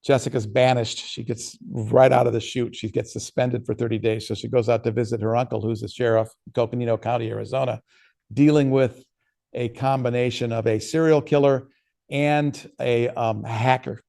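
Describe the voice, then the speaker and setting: A man's voice: mid-range voice, level tone, moderate pace, gravelly, a little mellow. A man, an author, giving a casual workshop talk and answering questions, telling stories in a conversational way with frequent restarts.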